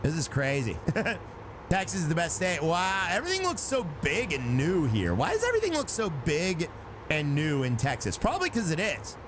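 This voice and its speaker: A man's voice: a little high, normal speed, noisy background. A man streaming a truck driving game, chatting casually with his chat, joking and singing snatches of songs. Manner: animated, joking, breaks into silly snatches of song. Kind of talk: casual gameplay commentary to chat.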